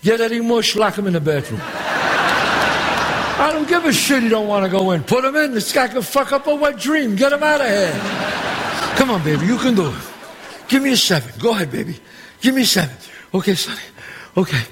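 A brash, high-voiced gangster boss. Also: male voice, sing-song, background noise. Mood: boisterous. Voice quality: loud, bossy, swearing, quick with insults. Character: brash, profane gangster boss running a dice game. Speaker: mob boss at a craps game. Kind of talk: film dialogue. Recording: echoey hall sound with faint ambience.

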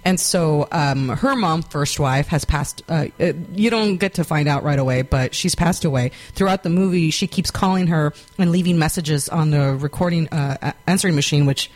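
A woman's voice: low voice, moderate pace, hardly any pauses, darkish tone. A woman co-hosting a casual film podcast, rambling and correcting herself, laughing often. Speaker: podcast co-host. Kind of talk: casual chat.

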